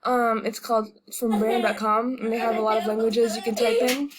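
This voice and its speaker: A woman with a slightly high voice talks through a casual video lesson in a relaxed way. She hesitates often, fills gaps with ums, and repeats sounds slowly as she demonstrates them. She is a native English speaker. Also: over a noisy crowd. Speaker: language tutorial host.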